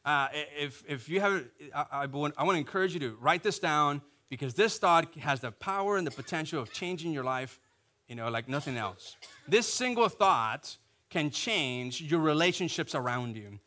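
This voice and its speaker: A married man preaching a sermon to a congregation, repeating phrases and acting out quick asides. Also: fairly high pitch. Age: adult, married. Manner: animated, repetitive preaching with acted asides. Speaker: pastor.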